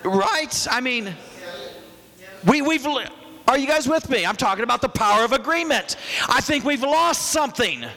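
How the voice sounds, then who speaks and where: Excitable high-voiced preacher, echoing church hall. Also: male voice, moderate pace. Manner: excitable, rambling asides, bursts of shouting. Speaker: pastor. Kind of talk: sermon.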